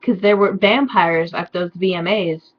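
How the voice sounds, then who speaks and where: A woman's voice: on the low side, measured pace, highs cut off. A young woman doing a comedic dramatic reading of fan fiction, with sarcastic, mock-despairing asides.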